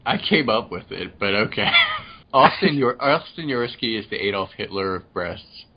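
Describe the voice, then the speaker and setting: A man's voice: on the low side, lively intonation, normal speed, dull audio. A man co-hosting a podcast, rambling through crude jokes with stammered restarts in casual chat. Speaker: podcast co-host.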